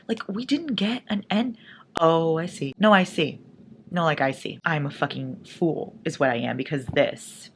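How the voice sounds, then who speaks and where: A young adult woman talking casually to viewers in a reading vlog, dramatic and animated, shifting from whispers to exclamations. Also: sits low, a little hiss or hum. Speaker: book vlogger.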